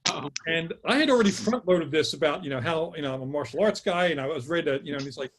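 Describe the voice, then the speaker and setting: A man with a high, husky voice spins a campfire-style tale over a video call. He acts out every quote with animated energy and loose, chatty rhythm. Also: very fast. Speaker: guest author. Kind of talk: casual storytelling.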